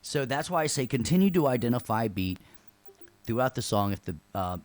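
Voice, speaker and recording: A man's voice: medium pitch, expressive, a little fast, a little mellow, no echo, soft background music. Dry-voiced man teaching a casual class. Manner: checks in with frequent "right?" tag questions; loose and joking, with sarcastic asides. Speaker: instructor. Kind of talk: casual online class lecture.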